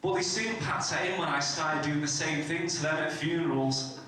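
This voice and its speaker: A man's voice: on the high side, normal speed, noisy background. A man doing stand-up, telling one short family joke after another on stage. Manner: telling a string of mother-in-law and family jokes. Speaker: stand-up comedy contestant. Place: community hall stage. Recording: echoey hall from far off.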